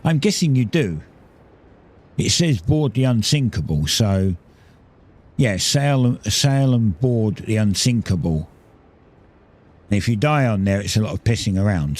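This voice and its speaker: A man's voice: fairly low pitch, big pitch swings, measured pace, a little mellow. A man giving casual, rambling commentary while playing a building game, talking through each step and correcting himself often. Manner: rambling, self-correcting, explains building steps. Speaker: gaming streamer.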